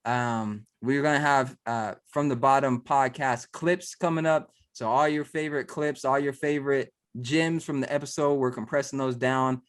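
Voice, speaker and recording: A man's voice: medium pitch, fairly even intonation, normal speed, hardly any pauses, clear, resonant tone. A man hosting a podcast, arguing his point insistently and repeating himself in casual chat. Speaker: podcast host.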